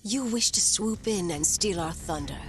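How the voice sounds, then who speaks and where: An imperious sorceress voiced by a woman speaks in a middle register, cool and disdainful. Each insult is cutting. Loud game music fills the space behind her. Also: medium pitch, lively intonation, moderate pace, lightly acted. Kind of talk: game cutscene voice acting.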